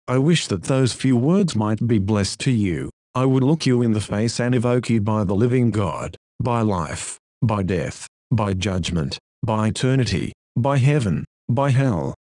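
A man reading a sermon in a solemn, earnest, measured way. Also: medium pitch, darkish tone, dry recording, clean studio sound. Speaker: preacher. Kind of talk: read sermon.

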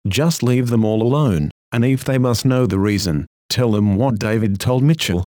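A man reading a sermon aloud in an earnest, measured manner of exhortation. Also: mid-range voice, warm tone, no room sound, clean studio sound. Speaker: preacher.

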